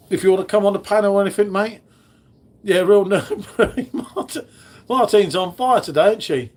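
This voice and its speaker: Chatty bloke hosting a stream. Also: male voice, high-pitched. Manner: chatty, matey, talks to chat readers by name. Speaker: live stream host. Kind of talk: casual live stream chat.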